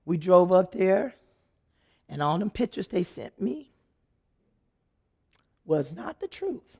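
Woman, personal testimony, lively storytelling, gravelly voice. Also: fairly low pitch, takes it slowly. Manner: lively, animated, dramatic storytelling.

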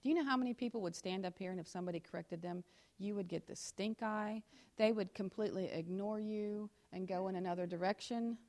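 A woman in ministry with her pastor husband teaches a sermon before the congregation. Loud, slow, emphatic scripture passages give way to quiet, quick, confiding asides, and she addresses the people directly with questions.

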